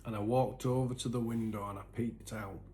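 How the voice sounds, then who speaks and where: A man telling his own story in an earnest, halting way, full of restarts, and sometimes sinking to a near-whisper. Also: fairly low pitch, fairly even intonation, slight background noise. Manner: sinks to a soft, breathy near-whisper at painful moments. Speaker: recovery vlogger. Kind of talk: personal confessional storytelling.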